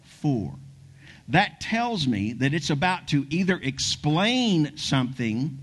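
A man preaching a sermon, telling a story with animation and dropping to a hushed near-whisper to stress key points. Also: a little high, big pitch swings, takes it slowly, husky. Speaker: pastor.

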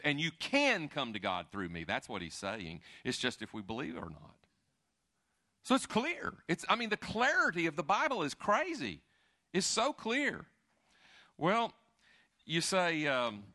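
A middle-aged man preaching a sermon in a conversational, animated way, with asides and restarts. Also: on the high side, moderate pace. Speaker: pastor.

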